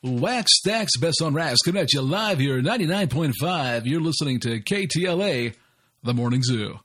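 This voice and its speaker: A man's voice: on the high side, animated, normal speed, a bit bright. A man doing a slick morning-radio announcer. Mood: upbeat. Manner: smooth radio jingle delivery.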